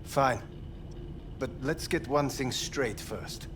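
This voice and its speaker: A man plays a cold, clinical scientist in a video game. He talks in a measured, formal way, at an ordinary pitch, and a clear hiss sits under the game audio. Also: natural voice. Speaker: game character.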